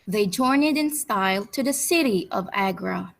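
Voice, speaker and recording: A woman teacher reading a picture book aloud to children in an expressive, deliberate way. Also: medium pitch. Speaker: teacher storyteller.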